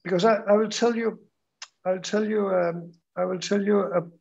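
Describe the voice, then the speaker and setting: A man's voice: high-pitched, fairly even intonation, normal speed, vocal fry, a little mellow, dull audio. A man with a Danish accent gives a conference talk about his school, hesitant and full of fillers and restarts. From Denmark. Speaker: school teacher presenting at a conference.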